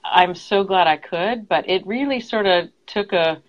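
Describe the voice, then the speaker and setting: Woman, therapist guest, earnest, halting with fillers, lowish voice, dull lo-fi audio. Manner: earnest, many fillers and restarts. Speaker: therapist in private practice, guest. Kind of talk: casual interview chat.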